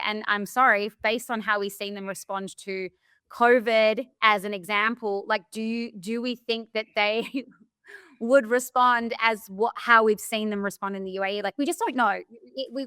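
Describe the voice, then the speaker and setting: A woman's voice: mid-range voice, normal speed, clean tone, dry recording. An Australian woman in her thirties co-hosting a podcast, telling stories frankly and animatedly in casual chat. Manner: frank, animated storytelling with laughs and swearing. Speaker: podcast co-host.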